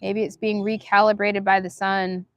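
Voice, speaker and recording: A woman hosting a casual spiritual livestream outdoors, musing softly and guiding slow breathing. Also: medium pitch, little pitch movement, no room sound. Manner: meandering, soft and reflective, guides slow breathing. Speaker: livestream host. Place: outdoors near a park.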